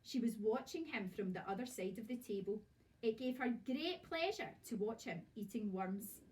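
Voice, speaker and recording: A Scottish woman teacher reads a children's story aloud with lively expression. Her voice sits fairly high, and she sounds some way off from the microphone in a classroom. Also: normal speed. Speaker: primary school teacher. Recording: voice from far off.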